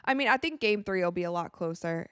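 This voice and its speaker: An excitable woman from the United States giving casual live commentary while watching a game, tired and yawning, with quick reactions and frequent laughs. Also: lowish voice, clear, resonant tone, no room sound, studio quality. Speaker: live-stream sports commentator.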